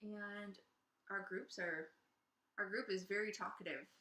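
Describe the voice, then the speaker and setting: A woman's voice: mid-range voice, steady tone, measured pace, sharp tone. A woman hosting a casual podcast chat, upbeat and giggly, often finishing her co-host's sentences. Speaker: podcast host. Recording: echoey room.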